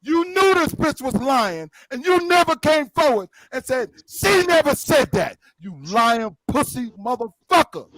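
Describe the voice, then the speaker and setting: A man's voice: extremely high pitch, animated, measured pace, few pauses, a bit bright, dry recording, poor audio. A man in a heated argument, cursing and ranting angrily. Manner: angry, profane ranting.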